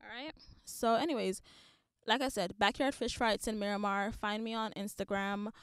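A woman's voice: medium pitch, steady tone, normal speed, clean tone, no echo, clean studio sound. A young woman hosting a podcast, talking casually in a blunt, profane rant with frequent laughs. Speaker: podcast host. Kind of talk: casual monologue.

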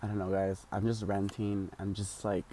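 A man's voice: lowish voice, level tone, moderate pace, mellow, a little hiss or hum. A man in his twenties talks to his viewers in a rambling, emotional vlog rant, full of fillers and tearful at times. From United States. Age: 20s. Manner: rambling, heavy with fillers like "like" and "you know". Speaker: vlogger.

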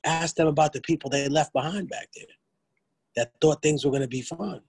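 A man's voice: on the high side, a little fast, darkish tone, husky, no room sound, low-quality recording. A man, giving a blunt, streetwise lecture to students, with frequent profanity and restarts. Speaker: guest lecturer.

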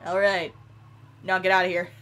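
A young woman giving excitable let's play commentary, yelling and laughing at the game. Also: lowish voice, moderate pace. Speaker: gaming YouTuber.

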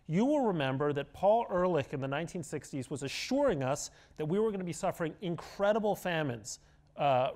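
With a voice on the high side but darkish in tone, a middle-aged man appears as a guest columnist in an onstage interview before an auditorium audience. He's emphatic and argumentative, relishing every story he tells.

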